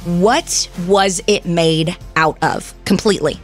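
A woman's voice: lowish voice, slow pace, faint music behind. A woman hosting a radio show, quizzing her guest in a playful, giggly casual chat. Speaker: radio host.

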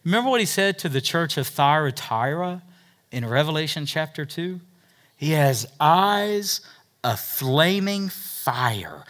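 Bright-voiced man preaching a sermon. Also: a little high. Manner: preaching with swings from loud emphasis to hushed asides. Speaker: pastor.

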